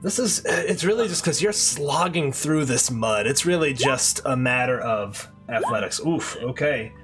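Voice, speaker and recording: A man narrating a tabletop game as game master, descriptive and halting, with frequent fillers and restarts. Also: medium pitch, animated, a bit bright, faint music behind.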